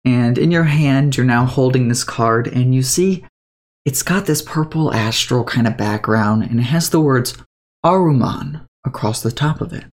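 A man's voice: mid-range voice, unhurried. A man narrating a tabletop game as game master, in a loose, second-person storytelling way with casual fillers.

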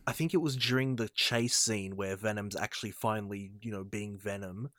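Low-voiced man musing on a film. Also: moderate pace, fairly bright tone, dry recording, studio quality. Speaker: podcast co-host. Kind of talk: casual film review chat.

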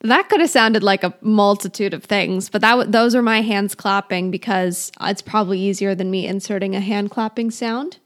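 A woman's voice: medium pitch, steady tone, normal speed, few pauses. Chatty young woman hosting a podcast. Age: 20s. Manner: chatty, rambling, self-deprecating, restarts often. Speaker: podcast host. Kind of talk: casual solo podcast chat.

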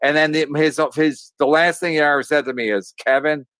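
A man's voice: a little high, fairly bright tone, no room sound. A man telling a story in a loose, rambling way, stopping and restarting his sentences often. The recording is dry and close, with almost no room sound. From Irish. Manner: rambling, halting, with many restarts and fillers. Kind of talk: casual storytelling on a podcast.

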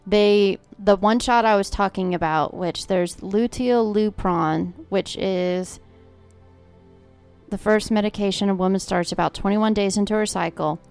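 A woman's voice: medium pitch, a little slow, darkish tone, smooth, soft background music. A woman co-hosting a podcast, telling a personal story in a chatty, casual way with lots of filler words. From Oklahoma. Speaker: podcast co-host. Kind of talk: casual chat.

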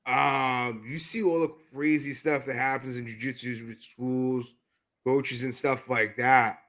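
Bright, laughing podcast guest man. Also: mid-range voice, measured pace. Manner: animated storyteller, laughs often while telling. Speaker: podcast guest, jiu-jitsu brown belt. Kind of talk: casual interview chat.

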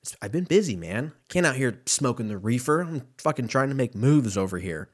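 A man's voice: mid-range voice, very animated, brisk. A man talks alone in a loose, rambling way, cursing freely and laughing at his own asides. His voice sits mid-range but swings widely up and down as he goes. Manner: rambling, profane, laughs often. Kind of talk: casual rambling monologue.

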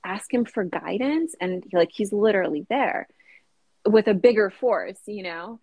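A woman in her thirties, a guest in a casual interview. She talks in a chatty, rambling way and keeps dropping fillers like "like" and "you know". Her voice sits at a middling pitch and sounds close and dry, with no room echo. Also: animated, unhurried, mellow.

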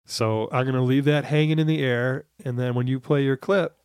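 A man co-hosting a movie podcast in casual chat, tossing in quick jokes. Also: medium pitch, steady tone, darkish tone, clear, resonant tone, dry recording, clean studio sound. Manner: quick jokey interjections. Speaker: podcast co-host.

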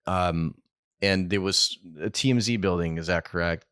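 A man in a casual talk show chat who asks eager questions and reacts with quick interjections. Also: low-pitched, a bit bright, smooth, no echo, clean studio sound. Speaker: guest.

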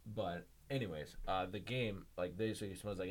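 A man's voice: low-pitched, a little fast. A young man chatting casually as a podcast guest, rambling with lots of filler words and restarts.

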